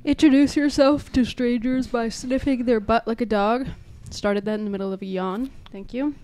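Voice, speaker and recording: A woman co-hosts a podcast, reading prompts and jumping into the jokes. Her voice sits a little high, and she laughs and swears freely. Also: normal speed, warm tone. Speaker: podcast co-host. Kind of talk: casual chat.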